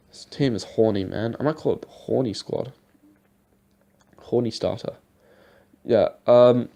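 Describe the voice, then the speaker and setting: A man's voice: lowish voice, vocal fry, warm tone. A young man giving rambling, casual commentary over his football game footage, swearing now and then. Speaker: gaming YouTuber.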